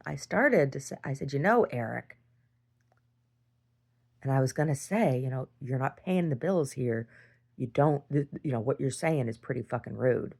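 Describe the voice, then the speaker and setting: A woman recording a personal video diary, telling a story in a rambling way and rising in pitch as she relives a fight. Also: vocal fry, a little mellow, slightly rough. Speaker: video diarist.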